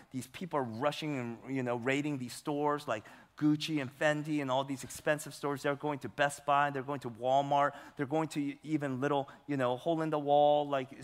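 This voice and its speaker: A male pastor preaching a sermon with emphasis, putting rhetorical questions to his congregation. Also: a little high. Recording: long hall reverb.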